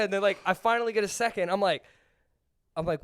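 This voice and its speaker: A man with a high voice tells a loose, profane story on a podcast and slips into the voices of the people in it. The mic is close and dry, with no room sound. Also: quick pace, pauses often, a bit bright, clear, resonant tone, dry recording. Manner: rambling, profane, acts out dialogue with laughs. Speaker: podcast co-host. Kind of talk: casual storytelling.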